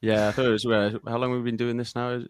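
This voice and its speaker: A man's voice: mid-range voice, little pitch movement, fast talker, smooth. A man from West Wales with a Welsh accent, co-hosting a podcast in a laid-back, storytelling way. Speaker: podcast co-host. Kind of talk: casual chat.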